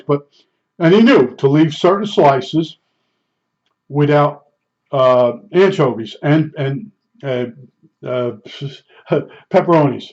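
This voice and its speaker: A man with a somewhat high voice tells his stories casually, rambling and chuckling at himself. The sound is dull and lo-fi. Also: slow, long pauses, a little mellow. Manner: rambling, chuckling, self-deprecating. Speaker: storyteller. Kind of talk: casual storytelling. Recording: dull lo-fi recording.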